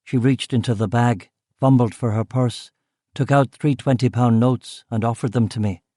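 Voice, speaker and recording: Man, audiobook narration, first-person, measured, low-key, dry close mic. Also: steady tone, dark tone, no echo.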